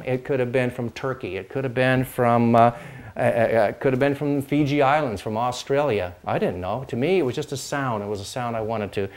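An older man, a show host, looks back on how he got started in music, speaking at an ordinary middle pitch. He meanders, repeats himself and restarts his sentences, and now and then breaks off to strum a few chords on his instrument. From Pacific Northwest, United States. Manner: rambling, with frequent restarts and fillers; demonstrates chords while talking. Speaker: host and dulcimer player. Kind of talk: casual reminiscing monologue.

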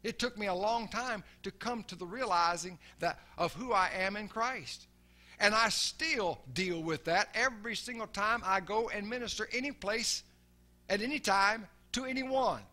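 Older guy preaching, kinda high voice, earnest, keeps repeating himself. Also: moderate pace, bright, forceful tone. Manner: earnest, repeats words, drops to a low murmur for quoted prayers. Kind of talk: sermon.

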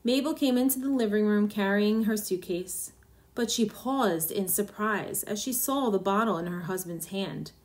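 Brief: female story reader, mid-pitched, steady measured narration. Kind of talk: storybook reading.

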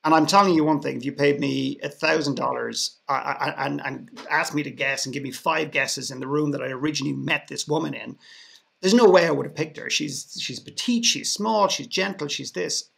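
This man from Ireland, a podcast guest, speaks briskly in a bright-ish, high-side voice with vocal fry. Storytelling in a panel conversation, he's sarcastic and often starts his sentences over.

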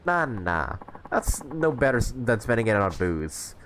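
A man's voice: medium pitch, big pitch swings, a little slow, fairly bright tone, a little hiss or hum. A man voicing a cocky, boisterous old English drunk who lectures a younger man. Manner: jovial, teasing, laughing.

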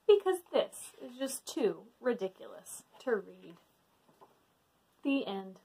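High, animated woman reading to kids. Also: slow pace. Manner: playful, mock-protesting, exaggerated read-aloud. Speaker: library storytime reader. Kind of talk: reading a picture-free book aloud to children.

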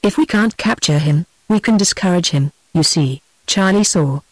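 A text-to-speech woman's voice with a British English accent, reading an adventure novel aloud in an even, steady manner without character voices. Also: lowish voice, normal speed, no echo, low-quality recording. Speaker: audiobook narrator. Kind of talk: scripted narration.

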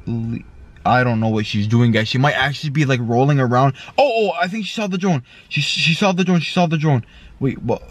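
Excitable high-voiced man vlogging. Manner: excitable, repeats phrases, many exclamations. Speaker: YouTuber. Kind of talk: excited vlog commentary. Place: inside a car.

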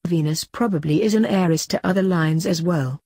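A woman's voice: fairly low pitch, a little fast, mellow, husky, no room sound, studio quality. A woman reading the lines of a protective mother, firm and earnest.

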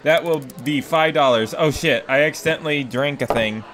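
Excitable swearing man playing a game. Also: a little high, normal speed, background noise. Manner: excitable, swearing, laughing often. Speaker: gaming YouTuber. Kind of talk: let's play commentary. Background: game music.

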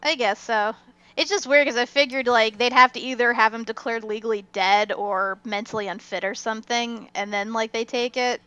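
A woman's voice: on the high side, fairly even intonation, normal speed, bright, forceful tone, clean tone, dry recording. A woman co-hosting a casual fan discussion podcast, chatty and giggly, saying "like" a lot. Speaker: podcast co-host. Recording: dull, dry lo-fi mic.

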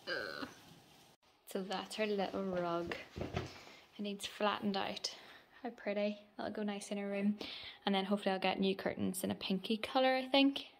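With slight background noise behind her, a young mother chats in her medium-pitched voice for a casual vlog indoors at home, occasionally shifting into sing-song baby talk.

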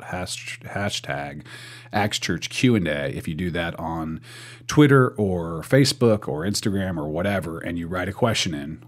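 A young man hosting a church podcast in casual chat, rambling and repeating words as he thinks. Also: sits low. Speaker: podcast host.

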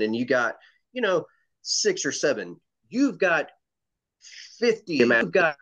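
A man's voice: fairly low pitch, a bit bright. A man chatting casually as a competitive shooter guest, telling stories in a rambling way with swearing and lots of fillers. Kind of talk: casual podcast chat. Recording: dull lo-fi audio.

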